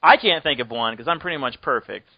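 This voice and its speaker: A man's voice: mid-range voice, fast, dry recording. A man hosts a podcast in easygoing, rambling chat, cracking jokes and laughing now and then. His voice sits in a middle register. The sound is dry and close, with a dull, lo-fi call quality. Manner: joking, rambling, laughs often. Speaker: podcast host. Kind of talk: casual chat.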